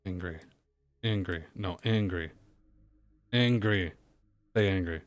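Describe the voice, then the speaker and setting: A man's voice: low-pitched, slow, no room sound. A man streaming a video game, muttering wry, casual commentary with frequent swearing. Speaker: gaming streamer. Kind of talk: casual let's-play commentary.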